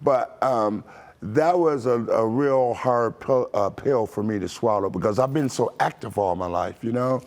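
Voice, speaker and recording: A man's voice: medium pitch, unhurried. Chatty American man telling stories. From Toledo, Ohio, USA. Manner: relaxed, chuckling, lots of "you know". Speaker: former pro basketball player, guest. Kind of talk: casual interview storytelling.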